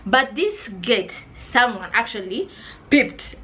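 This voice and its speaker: High-voiced Kenyan woman telling her story. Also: sing-song, slow pace, bright, forceful tone, rough recording. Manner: emotional, addresses viewers as guys, repeats herself. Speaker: vlogger. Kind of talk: personal storytelling vlog.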